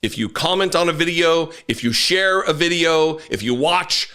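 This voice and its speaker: Animated, fired-up male political commentator. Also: fairly high pitch, smooth. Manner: angry, animated, swearing, quick asides.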